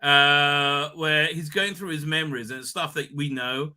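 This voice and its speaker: A man's voice: on the high side, steady tone, a little slow, bright, forceful tone. A man hosting a casual live recap stream, rambling with lots of fillers and cheerful swearing.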